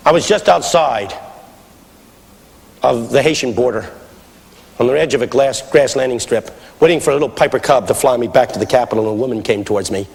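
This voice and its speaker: A middle-aged man preaching a sermon, swinging from shouted appeals to hushed storytelling. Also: medium pitch, fairly quick, creaky, big-room sound.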